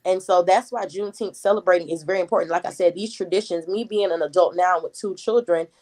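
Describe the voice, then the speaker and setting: A woman in her thirties with a Gullah Geechee accent, a talkative community activist answering interview questions in a steady flow. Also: fairly low pitch, poor audio. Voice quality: talkative, words flow quickly.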